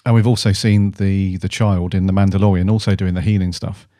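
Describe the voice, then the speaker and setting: Brief: male co-host, lowish pitch, laid-back banter, casual swearing. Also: level tone, fairly quick, mellow, no echo, studio quality. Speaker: podcast co-host. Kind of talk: casual chat.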